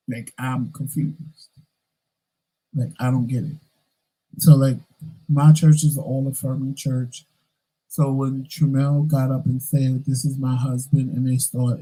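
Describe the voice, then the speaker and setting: A middle-aged man hosting a vlog, telling a story in a casual, animated way with a lot of emphasis. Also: medium pitch, breathy edge, poor audio. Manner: animated, emphatic, says "child" often. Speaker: vlog host.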